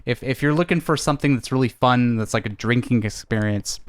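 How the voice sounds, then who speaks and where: An American man co-hosts a laid-back podcast at a middle pitch. He tells his stories with energy and acts out his own reactions as he goes. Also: a little fast. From United States. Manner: animated storyteller, acts out reactions. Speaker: co-host. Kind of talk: casual podcast chat. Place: indoors, living in Japan.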